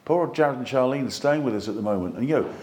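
A man preaching a sermon in an excitable, animated way, with self-deprecating humour. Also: medium pitch, fast.

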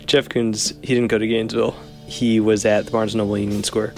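A man's voice: on the low side, little pitch movement, a little fast, darkish tone, soft background music. A young man with a New Jersey accent, a podcast guest who rambles in casual chat with dry humor and often trails off.

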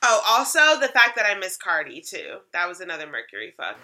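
A woman's voice: on the low side, very animated, brisk, bright, forceful tone, a little hiss or hum. A woman co-hosting a casual chat, telling a story with lots of laughs and swearing.

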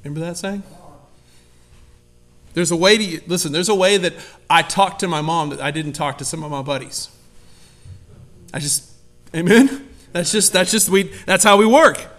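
A man preaching a sermon in an animated, conversational way, often acting out quotes. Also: moderate pace, long pauses. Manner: animated, conversational, acts out quotes with sudden loud high voices. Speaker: pastor.

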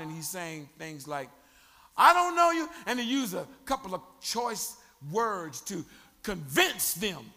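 A male pastor preaches with a high, lively voice that swings widely as he jokes and calls out to his congregation. His tone is gravelly and bright. The sound carries the long reverb of a church hall. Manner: animated preaching with crowd prompts and humor. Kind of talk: sermon.

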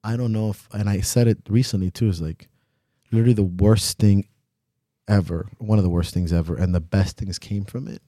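Deep, dark-voiced blunt man. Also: fairly even intonation, brisk, dry recording, clean studio sound. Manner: blunt, emotional, swears freely. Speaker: podcast co-host. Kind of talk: candid podcast chat.

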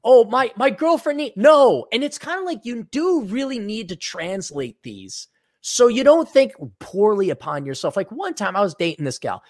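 Man, podcast co-host, animated storyteller, lively pitch. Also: moderate pace, dry recording, clean studio sound. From United States. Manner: animated, acts out quoted voices. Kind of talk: casual podcast chat.

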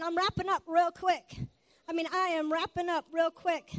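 A woman preacher giving an exuberant sermon to a congregation, shouting praise between points. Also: extremely high pitch, flat delivery, normal speed. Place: church before a congregation.

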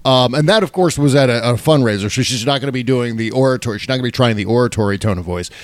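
A man co-hosting a casual political talk show, animated and mocking, quick to agree with his partner. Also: mid-range voice, no echo. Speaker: co-host.

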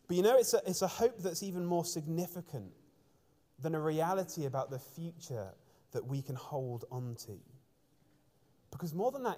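Male preacher, slightly high voice, earnest storytelling sermon, echoing church hall. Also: a little mellow. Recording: long church reverb.

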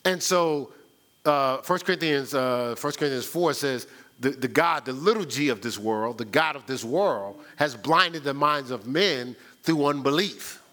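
A man's voice: lively intonation, a little slow, pushed and bright. A man preaching a sermon as pastor, swinging his voice up and down and asking "right?" often, with frequent repeated words. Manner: preaching with sudden rises and drops in pitch, call-and-response "right?"; repeats words when starting phrases.

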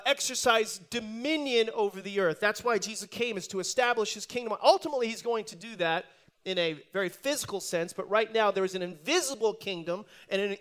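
A pastor preaching a sermon, telling a joke story with animated asides and lots of repeated restarts. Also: male voice, sits high.

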